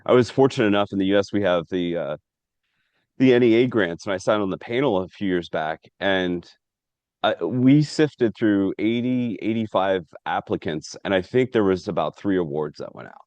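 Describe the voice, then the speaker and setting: Deep-voiced man hosting over a video call. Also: normal speed, no room sound, highs cut off. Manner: relaxed, explanatory, some filler. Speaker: host. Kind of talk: casual video-call interview.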